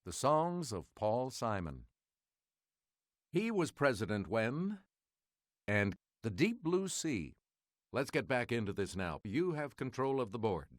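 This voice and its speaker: A male quiz host reads each clue in a measured, crisp delivery. His voice sits at a middle pitch but moves up and down a lot. He keeps things brisk as he hands the board back to the player. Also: very animated, no room sound, clean studio sound. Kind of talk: scripted quiz hosting.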